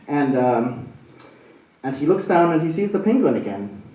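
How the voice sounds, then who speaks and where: A man doing stand-up, telling a story in a rambling, animated way with plenty of fillers. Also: a little high, moderate pace. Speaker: stand-up comedian. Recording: echoey room from a distant mic.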